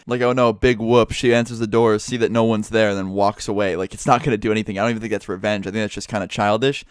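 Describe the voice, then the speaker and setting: A young man in a casual storytime vlog, telling a personal story in a fast, profane, animated way. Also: fairly low pitch, clear, resonant tone, dry recording, clean studio sound. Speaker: vlogger.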